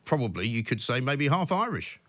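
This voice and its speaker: Combative radio host, rapid-fire. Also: male voice, medium pitch, big pitch swings, a bit bright, no echo. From London, England. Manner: combative, pointed rapid questioning. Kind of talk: talk radio phone-in.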